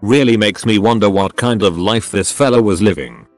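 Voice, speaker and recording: A man's voice: fairly low pitch, normal speed, no room sound. A man narrating online stories aloud in a plain storytelling delivery. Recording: dry close recording with faint background music.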